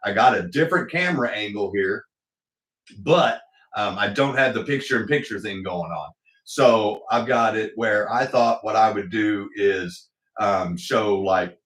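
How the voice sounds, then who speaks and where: A man's voice: fairly low pitch, fairly bright tone. Rambling man hosting an echoey home livestream. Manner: rambling, many fillers, greets viewers in chat. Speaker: livestream host. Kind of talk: casual livestream chat. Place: home hobby room with slot car track. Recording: echoey room, voice picked up from a distance.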